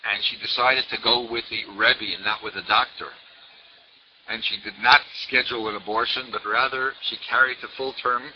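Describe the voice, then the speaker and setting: A man in his sixties, a rabbi, tells a story in a sermon at a middle pitch. He repeats words again and again for emphasis. The recording is dull and lo-fi, with a faint hiss behind him.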